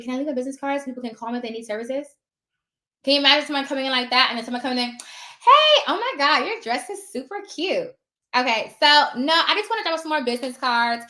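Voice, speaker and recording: A woman talking casually about her notary work, chatty and animated, acting out little scenes of dialogue, sounding tired. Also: fairly high pitch, reverberant. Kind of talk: casual advice talk.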